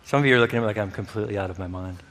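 A man with a lowish, fairly bright voice preaches very fast, a little hiss or hum under his words and a long hall reverb around them. His sermon is built on stories told with frequent laughter, and he acts out the voices of the people in them.

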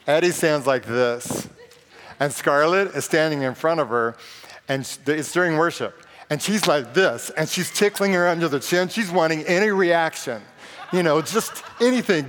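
A pastor preaching a sermon in a conversational, joking way and reading scripture aloud. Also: male voice, on the high side, fairly bright tone. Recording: long reverb of a large hall.

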